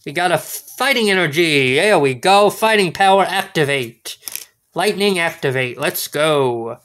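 Man, goofy card-unboxing host, very lively swooping pitch, slow unhurried delivery. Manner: goofy, exclaiming, playful wordplay. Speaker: card-opening video host. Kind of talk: casual unboxing commentary.

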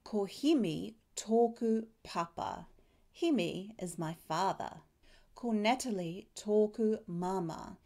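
A woman with a New Zealand accent teaching a language lesson, pronouncing words slowly and carefully. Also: medium pitch, darkish tone. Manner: slow, careful, clear pronunciation.

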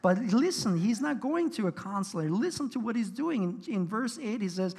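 A man's voice: high voice, big pitch swings, moderate pace, gravelly, few pauses, darkish tone, husky, big-room sound. A pastor delivering a sermon in an earnest, conversational way, often restarting his sentences. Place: church sanctuary.

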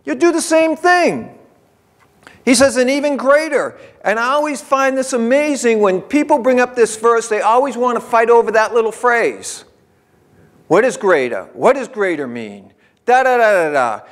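A male pastor with a notably high voice delivers a sermon in his church. He talks in an easy, conversational way and drives his points home by repeating key phrases. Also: animated, normal speed. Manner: conversational preaching with emphatic repetition. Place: church sanctuary.

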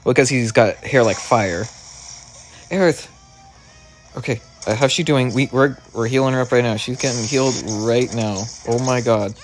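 A man giving excitable let's play commentary, stammering over his words and swearing often, with faint game music behind him. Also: mid-range voice, moderate pace. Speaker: gaming video creator.

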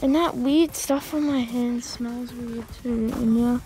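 A woman's voice: fairly high pitch, steady tone, slow, low-quality recording. A woman vlogging outdoors on a farm, filming with a handheld phone and rambling casually with lots of ums. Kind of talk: casual vlog narration. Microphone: handheld phone camera.

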